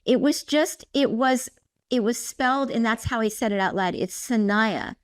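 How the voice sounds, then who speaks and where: A woman's voice: fairly high pitch, normal speed. A woman hosting a podcast interview, talking in an effusive, storytelling way and acting out her own past remarks. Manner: effusive, tells stories with quoted inner speech. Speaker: podcast host. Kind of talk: casual conversational interview.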